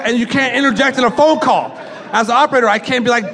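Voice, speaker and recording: On a comedy club stage, a young male stand-up comic with a high voice fires off a rambling, profane set at rapid speed, laughing at his own jokes. The live recording picks up the audience laughing and chatting.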